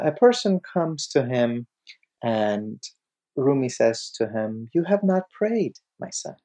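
A middle-aged man giving a slow, reflective teaching talk, telling stories and lifting his voice to act out quoted lines. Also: a little mellow. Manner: slow, storytelling, voices quotes with rising pitch. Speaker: host, scholar of Sufism.

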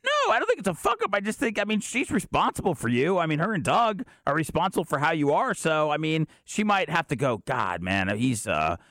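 A man co-hosts a podcast with a teasing, wry delivery, and his pitch swings widely from word to word. The recording is close and dry. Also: very animated, fast, hardly any pauses, a bit bright, no room sound. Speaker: podcast co-host. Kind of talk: casual chat.

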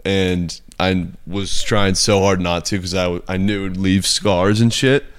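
A man's voice: low voice, steady tone, a little slow, clean tone. A young man co-hosting a podcast, talking in a laid-back, casual way about sports bets and swearing casually. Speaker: podcast co-host.

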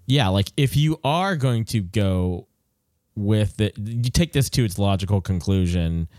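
A man's voice: on the low side, animated, unhurried, darkish tone, no echo, clean studio sound. A man talking casually about a film, rambling with frequent restarts. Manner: rambling, restarts often, lots of "like". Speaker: podcast co-host.

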